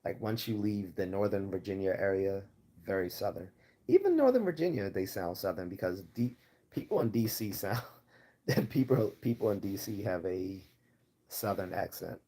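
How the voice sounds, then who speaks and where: Speaking at a moderate pace, a man with a low, dark voice and fairly even intonation runs a livestream Q&A. His Baltimore-accented answers to viewers are rambling and casual, packed with fillers and false starts.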